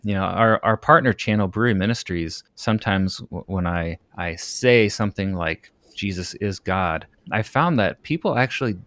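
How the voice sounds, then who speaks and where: A man co-hosting a podcast, speaking in a halting, hesitant way and asking questions of the others. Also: low-pitched, a bit bright, dry recording, clean studio sound. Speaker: podcast co-host. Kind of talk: casual podcast discussion.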